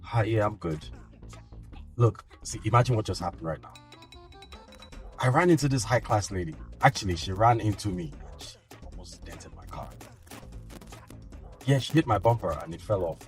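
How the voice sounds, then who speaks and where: A low, deep man's voice: a Nigerian actor plays a relaxed, chatty man telling his girlfriend a story in an amused tone. It is a film drama scene with faint music behind. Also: moderate pace, long pauses, lightly acted.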